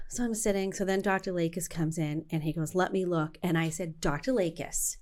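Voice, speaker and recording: Brief: middle-aged woman co-host, lively storyteller who acts out dialogue, casual talk. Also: on the low side, normal speed. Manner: animated storyteller acting out dialogue. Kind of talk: casual chat.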